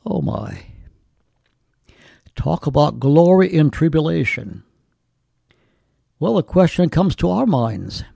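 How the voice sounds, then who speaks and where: Slow gravelly-voiced male preacher. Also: on the high side, big pitch swings, dark tone, dry recording. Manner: slow, deliberate delivery with scripture quoted in old English. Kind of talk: sermon.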